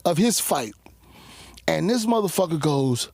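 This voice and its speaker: A man telling stories as a podcast guest, animated and profane, laughing often as he talks. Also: a little high, moderate pace, gravelly, no echo. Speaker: guest cutman. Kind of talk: casual podcast storytelling.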